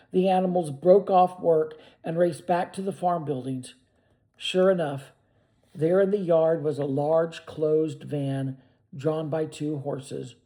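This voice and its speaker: A man narrating a book aloud in a steady, measured reading voice. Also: fairly high pitch, poor audio. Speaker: reader of books. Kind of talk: audiobook narration.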